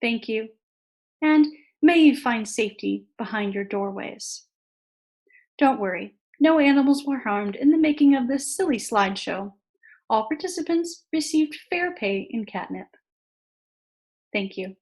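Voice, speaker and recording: A woman reading a children's story aloud with expressive, animated storytelling during a worship service. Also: a little high, measured pace, pauses often. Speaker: worship leader. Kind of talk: story read-aloud in a sermon.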